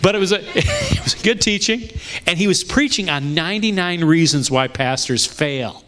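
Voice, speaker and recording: A middle-aged man pastor telling stories in a sermon, conversational and lively, often restarting his sentences. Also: high voice, moderate pace. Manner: animated, conversational, with frequent restarts. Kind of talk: storytelling sermon. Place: church sanctuary.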